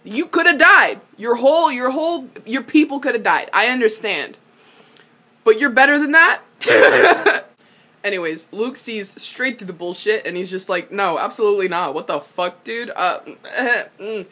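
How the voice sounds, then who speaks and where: A young woman recapping a TV episode in a casual, animated way, exclaiming, swearing and laughing often. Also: on the high side, a little slow. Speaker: vlogger.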